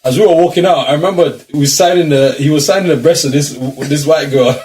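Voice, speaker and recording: A man, a podcast co-host telling an animated, slang-heavy story and laughing through it. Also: a little high, fairly quick, a little hiss or hum. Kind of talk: casual storytelling chat.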